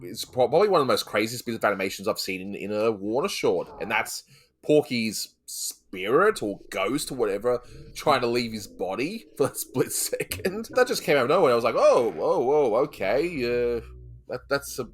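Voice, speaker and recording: A man's voice: medium pitch, fairly quick. Guy hosting a cartoon podcast, jokey, voice bounces all over. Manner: animated, jokey, quotes characters in voices. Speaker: podcast host. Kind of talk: casual chat.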